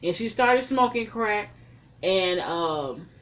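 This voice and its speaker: A woman's voice: medium pitch, slow. Woman cursing through a casual movie recap. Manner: animated storytelling, heavy slang and cursing. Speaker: film reviewer.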